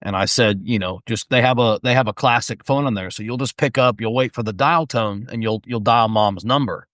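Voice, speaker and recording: Middle-aged man, mid-pitched, relaxed agreeable chatter, close dry mic. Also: a little fast, no echo. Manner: easygoing, agreeable conversationalist. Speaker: podcast co-host or guest. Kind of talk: casual chat.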